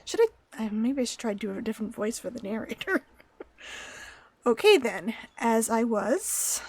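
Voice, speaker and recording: A woman's voice: fairly high pitch, animated, moderate pace, no echo. A woman streaming a game playthrough, reading the on-screen text aloud with playful, laughing asides.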